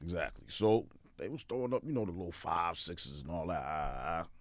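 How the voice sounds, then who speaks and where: A man's voice: low voice, animated, brisk, dry recording, studio quality. An older man telling a story in an interview, using casual slang and chiming in on his partner's tale.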